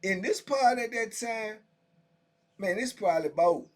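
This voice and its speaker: A man's voice: high-pitched, animated, moderate pace. A middle-aged man casually telling first-person prison stories, loose and slangy, full of conversational asides. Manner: loose, slangy, full of "you know what I'm saying" asides. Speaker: storyteller recounting prison life.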